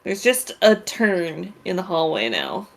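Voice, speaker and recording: A woman narrating a tabletop role-playing game in a relaxed, chatty way with many fillers. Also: lowish voice, unhurried, gravelly. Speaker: game master.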